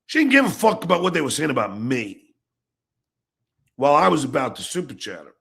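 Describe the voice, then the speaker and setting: A middle-aged man hosting his own podcast, ranting angrily and profanely, jumping between shouts and low mutters. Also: wildly swooping pitch, a little fast, gravelly. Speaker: podcast host. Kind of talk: angry ranting monologue.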